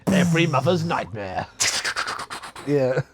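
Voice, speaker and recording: A man's voice: a little high, big pitch swings, slow pace, background noise. A man co-hosting a casual film commentary, joking and laughing, stopping and restarting a lot. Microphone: wired microphone.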